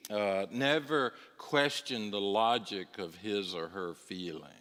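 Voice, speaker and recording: A man's voice: fairly low pitch, takes it slowly, fairly bright tone. A middle-aged man teaching a church Bible class in a conversational way, often asking his listeners if they agree. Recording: long church-hall reverb.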